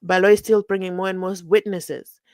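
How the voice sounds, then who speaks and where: A woman's voice: medium pitch, steady tone, brisk, darkish tone, dry recording. A young woman from Namibia, hosting a chatty, sarcastic commentary channel that reacts to a court trial. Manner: chatty, sarcastic, acts out the people she quotes.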